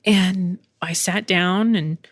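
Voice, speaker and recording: A woman's voice: on the low side, steady tone, takes it slowly, slightly rough, dry recording, clean studio sound. A woman hosting a podcast, telling a personal story in a candid, chatty way, laughing often and swearing casually. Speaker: podcast host. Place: home in Texas.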